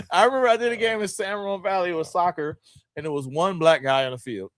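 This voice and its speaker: A man, a sports columnist telling a story in casual chat, animated and laughing as he acts out quotes. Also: high voice, a little fast, clear, resonant tone, dry recording.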